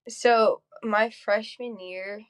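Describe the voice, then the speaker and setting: A teenage girl being interviewed, shy and soft-spoken, hesitant with ums. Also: mid-range voice, steady tone, drawn-out words, smooth. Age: teens. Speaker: high school softball player guest. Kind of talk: casual interview.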